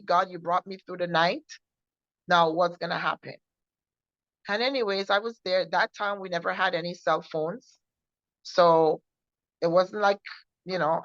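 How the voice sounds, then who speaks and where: A woman co-hosting a faith show, recounting her personal testimony in an earnest, halting way with many restarts. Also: fairly low pitch, fairly bright tone, no echo. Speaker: co-host sharing her testimony. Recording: dull, muffled sound.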